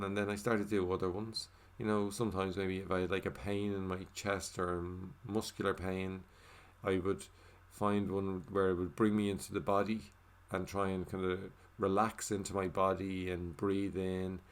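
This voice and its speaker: A man with a very deep voice speaks a first-person voiceover about his meditation practice. His delivery is loose and conversational, full of "you know" and "like". He sinks into a soft murmur as he repeats the meditation phrases. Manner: casual, with many fillers like "you know" and "like". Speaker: English voiceover for a signed video.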